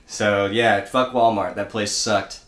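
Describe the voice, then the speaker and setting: A man co-hosting a podcast, relaxed and profane, reacting with laughs and short comments. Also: lowish voice, takes it slowly. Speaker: podcast co-host. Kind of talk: casual chat. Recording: echoey room, faint noise.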